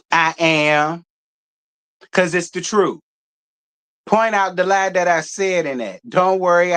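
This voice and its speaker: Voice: medium pitch, fairly bright tone. A commentary host reacting to a feud, asking challenging rhetorical questions and repeating them.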